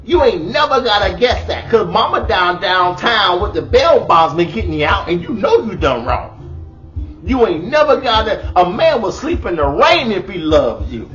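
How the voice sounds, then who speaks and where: A man's voice: high voice, very animated, normal speed, a bit bright, muffled recording, soft background music. A middle-aged man, doing a comedic monologue of relationship advice, exclaiming and hamming it up in a bold persona.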